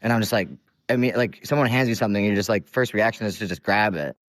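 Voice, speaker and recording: A man's voice: fairly low pitch, fast, no room sound. A man telling a personal story in a casual, rambling way, with many fillers.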